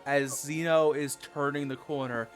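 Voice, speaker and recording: A man runs a tabletop game in a loose, halting narrating voice. His pitch sits a little high, and soft music plays behind him. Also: steady tone. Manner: casual, halting, with fillers. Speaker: game master.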